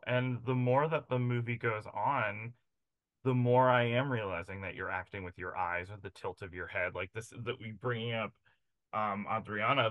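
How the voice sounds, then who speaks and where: A man interviewing an actress, halting and searching for his words with many fillers. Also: medium pitch, a bit bright, no echo. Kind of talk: casual interview chat.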